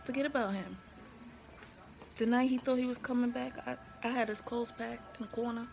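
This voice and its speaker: A woman's voice: on the high side, fairly even intonation, moderate pace, creaky, darkish tone, faint music behind. A woman telling a personal story to her phone camera in a hospital room, frank, emotional and blunt, with plenty of slang. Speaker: vlogger. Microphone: handheld phone camera. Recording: noisy room ambience.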